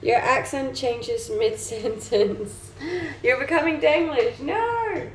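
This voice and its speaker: Chatty Danish woman with a gravelly edge. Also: sits high, takes it slowly. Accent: mixed Danish and Australian-tinged English. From Denmark. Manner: chatty, laughs often, answers chat messages. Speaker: livestreamer reading chat. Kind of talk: casual live stream chat. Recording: echoey room, faint noise.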